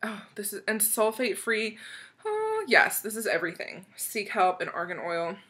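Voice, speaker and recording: A woman's voice: mid-range voice, fairly even intonation, normal speed, a bit bright. A young woman from the United States chatting casually as she opens a package, bubbly and gushing, with frequent giggles. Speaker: vlogger opening a swap package. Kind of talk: casual excited unboxing chat.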